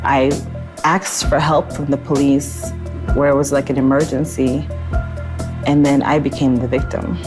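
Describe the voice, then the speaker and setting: Low-voiced woman telling her story. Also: little pitch movement, measured pace, over music. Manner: emotional storytelling. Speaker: interviewee, English teacher. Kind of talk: personal testimony.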